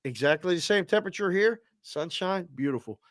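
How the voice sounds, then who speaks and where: A male host on a live show, cheerfully reading out viewer shout-outs with names and area codes. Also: high voice, expressive, a little fast, no room sound, clean studio sound.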